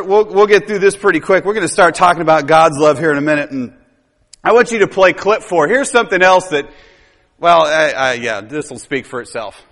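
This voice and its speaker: A man's voice: high voice, fairly bright tone. A man preaching a sermon in a conversational, rambling way, tossing in tag questions and chuckles. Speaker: pastor. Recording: long hall reverb.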